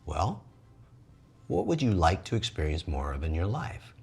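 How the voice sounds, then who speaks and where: Man, energy arts teacher, husky voice, lively swooping pitch, wellness talk. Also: moderate pace. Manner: lively, swings into high playful voices for quoted people.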